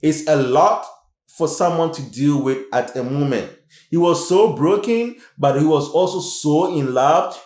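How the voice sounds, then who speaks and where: A man reviewing a TV series in casual commentary, animated and emphatic, repeating his points. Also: fairly high pitch, echoey room. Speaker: show reviewer.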